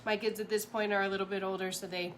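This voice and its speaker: Chatty, animated woman coaching. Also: mid-range voice, fast talker, slight background noise. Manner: chatty and animated, rambling with fillers and laughs. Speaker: mindset coach. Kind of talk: casual motivational talk to camera.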